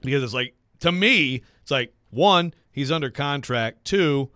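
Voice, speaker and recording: Bright-voiced sports radio host. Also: male voice, mid-range voice, animated, no echo, studio quality. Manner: rambling, self-deprecating, quick to laugh. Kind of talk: sports talk radio chat.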